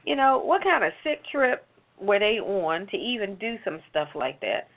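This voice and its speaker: A woman's voice: medium pitch, big pitch swings, moderate pace. A woman giving a heated, sarcastic commentary on a late-night talk show, firing off rhetorical questions. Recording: phone-like narrow sound.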